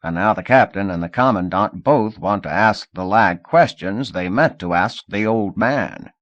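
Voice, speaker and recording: A man playing a loud, gossipy police sergeant. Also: lowish voice, no room sound, dull audio. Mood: musing. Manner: loud, folksy, drawn-out lines.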